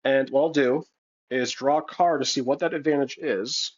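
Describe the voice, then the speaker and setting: Casual solo role-play narrator, a man thinking out loud, dull lo-fi recording. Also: mid-range voice, fairly even intonation, moderate pace. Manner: thinking aloud, hesitant, many restarts. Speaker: solo tabletop game player and narrator. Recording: slightly dull lo-fi sound.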